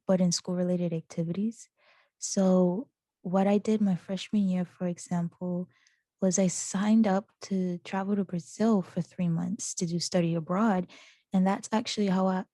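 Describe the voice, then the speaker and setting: Animated young woman telling a story. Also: mid-range voice, no room sound, studio quality. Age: young adult. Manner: animated, acts out quoted voices with laughter. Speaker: student interviewee. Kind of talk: casual storytelling.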